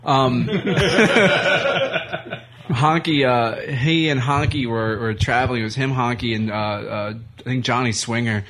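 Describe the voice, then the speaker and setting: A man's voice: medium pitch, steady tone, moderate pace, hardly any pauses, a bit bright, slight background noise. A man who wrestles and does comedy, telling crude stories in a casual radio chat and laughing through them. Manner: profane storyteller, laughs through his stories.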